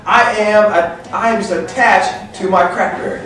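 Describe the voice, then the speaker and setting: Brief: animated male motivational speaker, thirties, high voice, heard from far off in a big hall. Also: normal speed. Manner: animated, acts out scenes, laughs often. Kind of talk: leadership seminar talk. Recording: echoey hall from far off, faint music.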